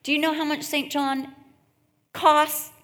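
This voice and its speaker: Woman doing her gushing, excited grown daughter. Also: high-pitched, unhurried, pitched above the performer's own voice. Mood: thrilled. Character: excited adult daughter on the phone, thrilled bargain hunter. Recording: echoey hall.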